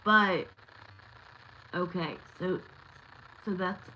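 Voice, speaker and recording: Woman, 30s, tarot reader, blunt and chatty, slow unhurried delivery, lowish voice, faint ambience behind. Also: steady tone, pushed and bright, slight background noise, rough recording. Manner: candid, chatty, blunt, lots of "like" fillers. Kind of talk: live-stream tarot reading.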